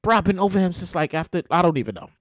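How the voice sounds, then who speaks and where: A woman's voice: lowish voice, lively intonation, rapid-fire, no room sound, studio quality. A woman hosting a podcast, talking casually and animatedly, cursing freely and acting out scenes with big exaggerated outbursts. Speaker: podcast host. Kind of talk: casual commentary monologue.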